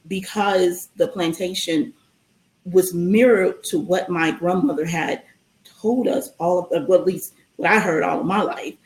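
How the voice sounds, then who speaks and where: A woman guest telling a long personal story in a casual interview, animated and full of ums and restarts. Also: lowish voice, roomy sound, low-quality recording.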